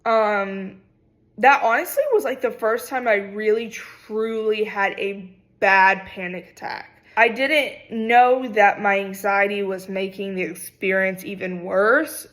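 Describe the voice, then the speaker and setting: A young woman in her twenties, a vlogger, telling a personal story in a casual, animated, dramatic way. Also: medium pitch, takes it slowly. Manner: animated, dramatic retelling with acted quotes.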